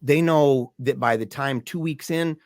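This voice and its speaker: A man's voice: mid-range voice, measured pace, dry recording, clean studio sound. A man telling a painful family story in casual talk as a podcast guest, emphatic and peppered with dude and man. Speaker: podcast guest, grieving father. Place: lives in Michigan.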